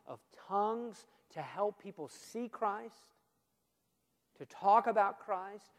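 A man preaching a sermon in a church, earnest and emphatic, often dropping his voice low for emphasis. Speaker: pastor. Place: church sanctuary. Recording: long reverb of a church hall.

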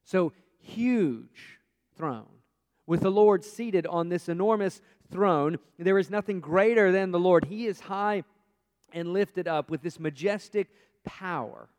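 A man preaching a sermon, swinging between loud emphasis and hushed, quiet passages. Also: high voice, takes it slowly, big-room sound. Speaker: pastor.

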